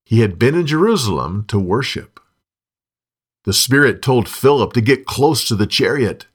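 A man narrating a Bible story in a scripted, expressive reading. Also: mid-range voice, moderate pace, husky.

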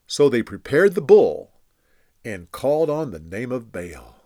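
A man narrating a Bible story in a deliberate, expressive storytelling voice. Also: lowish voice, no room sound, clean studio sound. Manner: expressive, deliberate, acts out quotes.

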